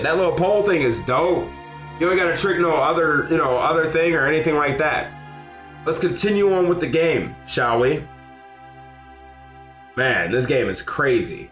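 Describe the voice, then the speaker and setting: A man streaming a game live, excitable and often shouting and laughing as he talks to his chat. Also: on the high side, reverberant. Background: faint game music.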